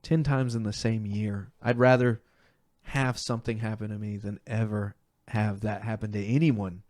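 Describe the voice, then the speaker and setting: A young man with a low-pitched voice recounts a painful memory as an interview guest, earnest and halting, slipping into the voices of the people he quotes. The sound is dry and close. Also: little pitch movement, darkish tone, dry recording. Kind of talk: emotional personal storytelling.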